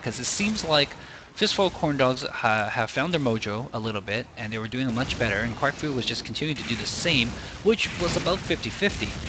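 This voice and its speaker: A man's voice: mid-range voice, noisy background. A young man commentating a video game match in a casual, chatty way, thinking aloud and often restarting his sentences.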